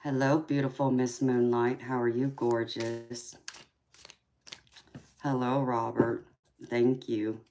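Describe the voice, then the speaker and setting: A woman in her forties with a Southern Georgia drawl, reading tarot cards on a live stream. Her voice sits extremely low and she talks slowly and affectionately, calling viewers sweetheart and pausing on drawn-out ums. A faint hiss sits under the recording. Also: level tone. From California. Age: 40s. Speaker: tarot reader hosting a live chat.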